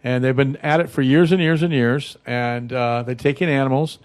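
A man's voice: mid-range voice, fairly even intonation, normal speed, clear, resonant tone, no echo. A man hosting a casual radio talk show, rambling in a folksy way with many fillers and restarts. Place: radio studio.

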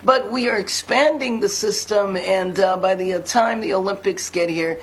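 An older woman speaking as a city mayor, guest on a casual interview, confident and measured with frequent fillers. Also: mid-range voice, low-quality recording.

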